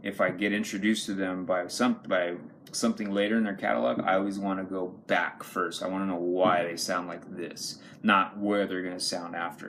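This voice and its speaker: Low gravelly man rambling about records. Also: fairly even intonation, normal speed, a bit bright, a little hiss or hum. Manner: rambling, profane, enthusiastic, many fillers. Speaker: record collector showing his vinyl. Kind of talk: casual unscripted talk to camera.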